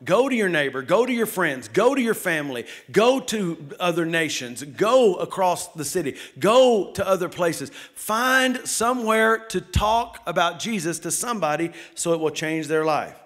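A man preaching a fast, excited sermon as lead pastor in a church, calling out to the congregation. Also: high voice. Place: church sanctuary.

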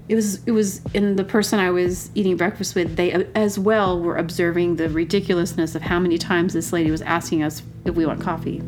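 A woman hosting a podcast, telling comic personal stories in a rambling, animated way and acting out quotes in exaggerated voices. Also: fairly low pitch, fairly quick, few pauses. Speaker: podcast host. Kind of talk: casual comedic storytelling. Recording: music playing behind.

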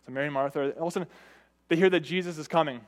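A man preaching a sermon in a conversational way, often checking in with "right?" and shifting his pitch and loudness for emphasis. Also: very fast.

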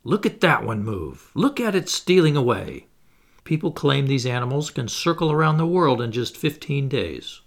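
A brash Canadian harpooner, loud and blustering, his voice gravelly and swinging up and down, as a man puts him on for an audiobook. A grown seaman who gets worked up fast and argues hard. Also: mid-range voice, sing-song, voice pushed up.

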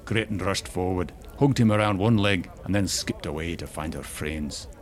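Male storyteller with a very low voice, measured fantasy narration. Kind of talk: audiobook-style fantasy story reading.

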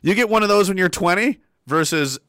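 Livestream host, male, slightly high voice, lively swinging delivery, dry close sound, crude sarcastic banter. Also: a little fast, clean tone, dry recording. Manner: animated, crude, sarcastic, laughs often. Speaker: livestream host reading chat. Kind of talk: casual ranting livestream chat.

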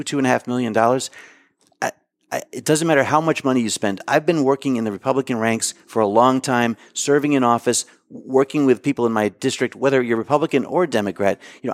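A middle-aged man of middle pitch fields questions as a candidate, pressing his points and restarting sentences as he goes. The sound is dry and close, with no room around him. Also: no room sound. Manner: insistent, talks over the host, many restarts. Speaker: political candidate. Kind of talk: interview answers.

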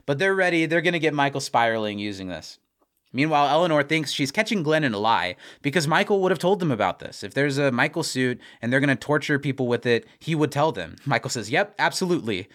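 A man's voice: mid-range voice, expressive, fast talker, a bit bright. A man co-hosting a podcast, recapping a TV episode in casual chat, laughing often and acting out quoted lines.

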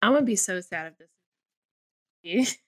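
A woman's voice: medium pitch, animated, moderate pace, fairly bright tone. A woman, a guest on a podcast, chatting casually; she sounds nervous, laughs often and runs herself down. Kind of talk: casual chat.

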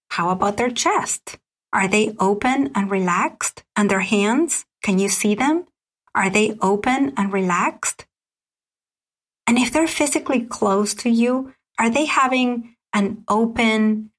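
A woman hosting a solo podcast, calmly walking listeners through a list of questions at a measured pace. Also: mid-range voice. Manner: calm, measured, lists questions one by one. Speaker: podcast host. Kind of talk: scripted solo podcast teaching.

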